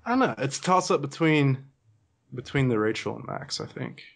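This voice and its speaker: A man talking in a relaxed, hesitant way during a casual online chat with friends. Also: medium pitch, normal speed, vocal fry. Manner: relaxed, laid-back, hesitant with fillers. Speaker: co-host.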